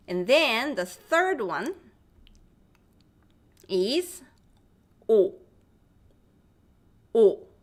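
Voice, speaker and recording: A woman with a Korean accent and a fairly low, fairly bright voice teaches Korean vowels during a live online class. She reads viewer comments aloud and drills each sound by repeating it.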